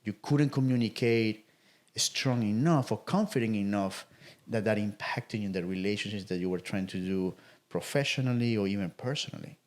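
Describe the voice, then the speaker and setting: A man's voice: lowish voice, moderate pace, a little mellow. Man, co-hosting. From Latin America. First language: Spanish. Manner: repeats words, frequent "right?" tags. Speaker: podcast co-host. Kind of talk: casual conversation.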